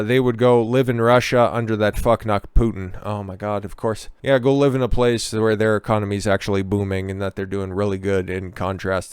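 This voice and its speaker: A man's voice: medium pitch, clear, resonant tone, no echo, studio quality. Sarcastic, profane male commentator. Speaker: online commentator. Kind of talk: ranting commentary video.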